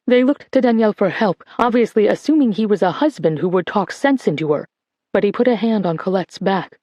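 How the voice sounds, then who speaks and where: A woman narrating a novel in a measured, clear way. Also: medium pitch, animated, mellow, dry recording, studio quality. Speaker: audiobook narrator. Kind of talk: scripted narration.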